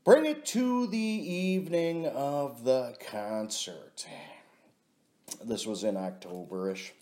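A man's voice: medium pitch, lively intonation, takes it slowly, darkish tone. A middle-aged man telling a rambling personal story in a casual vlog, swearing often and calling himself "your buddy". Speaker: vlogger.

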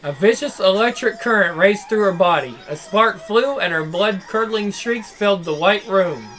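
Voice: medium pitch, animated, moderate pace, fairly bright tone. Reader narrating a visual novel. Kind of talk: reading a visual novel aloud.

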